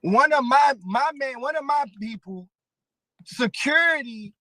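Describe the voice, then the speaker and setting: Very high-voiced man telling a rambling story. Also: lively intonation, sharp tone, no room sound, low-quality recording. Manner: halting, rambling, many fillers and restarts. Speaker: battle rapper in interview clip. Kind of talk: interview storytelling.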